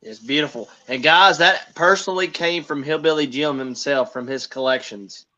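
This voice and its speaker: A man's voice: on the high side, normal speed, sharp tone, highs cut off. A man chiming in eagerly during a casual podcast chat.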